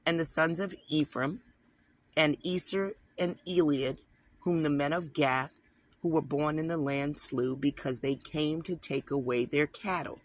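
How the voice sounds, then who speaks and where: A man's voice: a little high, unhurried, no room sound. Man reading aloud with emphatic asides. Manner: conversational, talks to viewers directly, emphatic asides. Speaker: online Bible teacher. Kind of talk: reading an article aloud with casual commentary.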